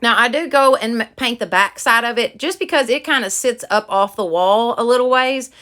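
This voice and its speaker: A woman's voice: on the high side, normal speed, bright, forceful tone. A woman in her thirties with a Southern US accent, chatting casually and gushing to viewers in a craft vlog. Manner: bubbly, gushing, folksy. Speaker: craft vlogger.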